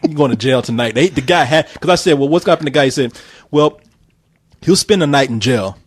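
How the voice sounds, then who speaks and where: Dry-voiced man telling a story, animated. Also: medium pitch, brisk, slightly rough, no echo. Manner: animated storyteller, swears freely, acts out voices. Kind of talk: casual storytelling chat.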